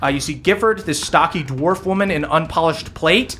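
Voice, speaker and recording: A man's voice: on the high side, normal speed, slight background noise. Laid-back male game master narrating. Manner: relaxed, filler-heavy, laughing narration.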